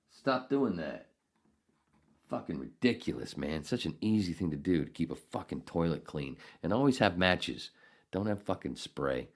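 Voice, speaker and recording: An older man hosting a podcast, telling a rambling, profane story in a casual, ranting way. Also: extremely low pitch. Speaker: podcast host.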